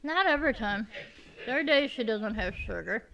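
A woman co-hosting a casual chat, who tells personal stories in a plain, earnest way and trades quick remarks. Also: a little high, animated, gravelly, a bit bright, dull audio.

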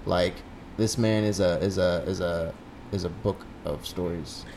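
A man's voice: low-pitched, fairly even intonation, a little slow, a little mellow, a little hiss or hum. A young man co-hosting a casual podcast, joking crudely and slipping into silly voices. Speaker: podcast co-host. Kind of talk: casual chat.

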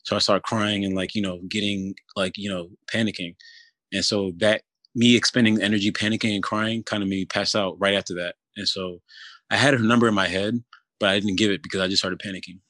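Casual young man, deep steady voice, dry close recording, personal storytelling. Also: fairly quick, no room sound. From Philadelphia area. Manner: casual, many fillers like "you know" and "kinda".

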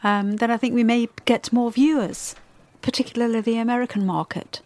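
A woman's voice: fairly high pitch, fairly even intonation, a little fast, a little mellow. A woman from the English Midlands chats playfully on a couple's podcast and laughs often. Her voice sits a touch above the usual. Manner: giggly, chatty, playful. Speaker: podcast co-host. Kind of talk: casual couple chat.

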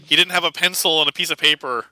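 A man's voice: fairly high pitch, quick pace, sharp tone, low-quality recording. A man co-hosting a podcast, chatting about a movie with wry, jokey asides. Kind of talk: casual movie recap chat.

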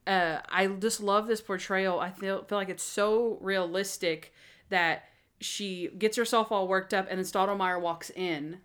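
A woman's voice: medium pitch, steady tone, unhurried, a bit bright, clear, resonant tone. A woman chatting casually as a podcast co-host, recapping a TV episode and acting out the scenes in quoted voices.

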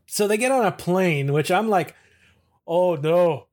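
A man's voice: sits high, expressive, moderate pace, a little mellow. A man co-hosting a podcast, recapping a TV episode in casual chat and laughing often as he retells it. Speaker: podcast co-host.

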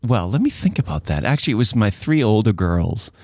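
A man in his forties co-hosts a podcast and tells stories in a relaxed, anecdotal way. His voice is very deep. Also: fairly quick, dry recording, clean studio sound. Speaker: podcast co-host. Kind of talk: casual storytelling chat.

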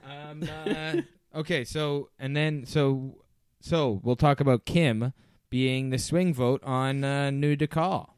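A man's voice: medium pitch, steady tone, takes it slowly, few pauses, darkish tone, clear, resonant tone, no room sound, clean studio sound. A man co-hosting a podcast, rambling casually and laughing often. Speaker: podcast co-host. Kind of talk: casual chat.

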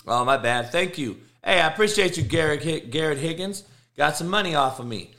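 A man's voice: a little high, animated, fast, bright, forceful tone. A middle-aged man, host of a sports show, ranting casually and emphatically, swearing and repeating himself for effect. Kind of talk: casual rant on college football.

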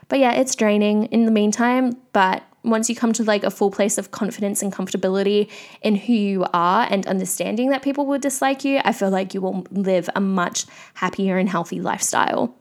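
A woman's voice: mid-range voice, a little fast. A young woman hosting a solo podcast, ranting candidly in a chatty way with lots of fillers. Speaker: podcast host.

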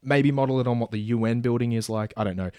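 A man in casual chat pitching a film idea, rambling with many fillers and restarts, now and then acting out characters' lines. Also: steady tone, fast talker, dark tone, smooth, no room sound.

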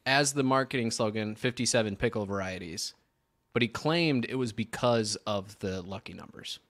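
A man's voice: lowish voice, normal speed, fairly bright tone. A man co-hosting a podcast in casual chat, often hesitating with filler sounds. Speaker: podcast co-host.

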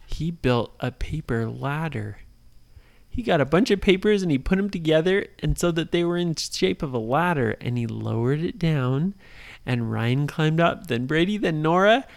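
A woman improvising a bedtime story for a child, lively and singsong, often pausing to ask the child questions. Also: deep voice, vocal fry. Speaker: parent telling a bedtime story.

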